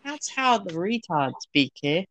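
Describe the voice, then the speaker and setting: A man's voice: high voice, big pitch swings, unhurried, a bit bright. A young man in casual chat, making blunt, dry remarks. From Britain.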